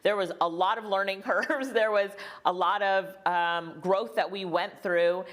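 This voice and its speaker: A woman's voice: medium pitch, unhurried, a bit bright. A woman hosting an online business summit, chatting in an upbeat, affirming way with easy laughter. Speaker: host. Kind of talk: interview chat.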